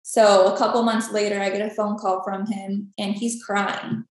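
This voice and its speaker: A woman guest on a podcast, telling her faith story in a lively, storytelling way and acting out the dialogue. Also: mid-range voice, moderate pace. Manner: animated storytelling, acts out dialogue. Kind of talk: personal faith testimony. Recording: very echoey room.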